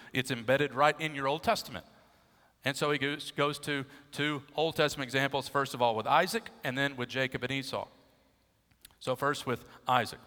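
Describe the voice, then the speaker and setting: A man's voice: fairly high pitch, pushed and bright. A man preaching an expository sermon, teaching emphatically and asking his listeners rhetorical questions. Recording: long hall reverb.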